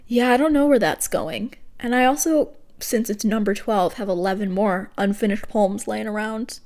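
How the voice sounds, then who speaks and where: A woman's voice: mid-range voice, moderate pace, darkish tone. Woman podcast host, self-conscious poetry reading, rambling asides, self-mocking.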